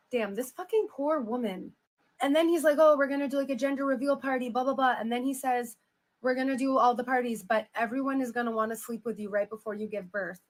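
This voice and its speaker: A woman's voice: on the high side, low-quality recording. A woman giving casual reaction commentary, chatty and full of "like" fillers as she retells a story. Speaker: commentator reading a memoir aloud.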